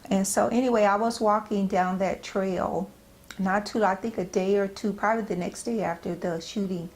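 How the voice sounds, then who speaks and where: Earnest, halting middle-aged woman. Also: mid-range voice, fairly even intonation. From United States. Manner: halting, repeats and restarts phrases; earnest, gentle encouragement. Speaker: Christian speaker. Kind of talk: personal devotional talk.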